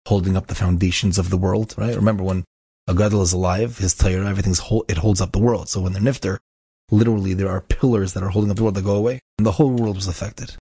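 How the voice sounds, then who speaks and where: Male storyteller, low gravelly voice, close dry mic, emphatic and repetitive. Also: steady tone, fast talker, dark tone, no room sound. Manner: emphatic, repeats key phrases. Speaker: inspirational speaker. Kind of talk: inspirational storytelling talk.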